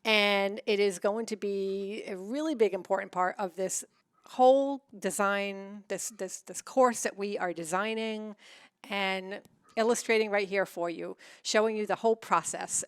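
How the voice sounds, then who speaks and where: A woman's voice: mid-range voice, steady tone, moderate pace, clean tone, dry recording, studio quality. A woman co-hosting an instructional talk show, enthusiastic and sing-song. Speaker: co-host.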